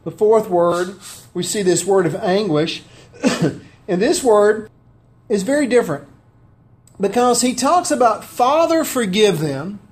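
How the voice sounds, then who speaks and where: A man's voice: high voice, unhurried, pauses often, darkish tone. A man preaching a sermon, conversational and heartfelt, often asking his listeners questions. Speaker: pastor.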